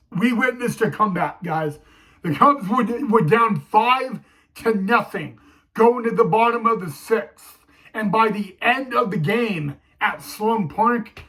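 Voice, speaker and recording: High-pitched guy doing a slow, teary fan vlog, keeps saying guys. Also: sharp tone, rough recording. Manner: emotional, repeats "guys" often. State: teary, choked up. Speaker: sports fan vlogger.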